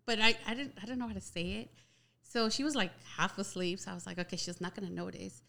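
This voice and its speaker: A young woman casually telling a personal story, chatty and animated, with a lot of "like" filler. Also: medium pitch, quick pace, vocal fry. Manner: chatty, heavy use of "like" filler, animated retelling.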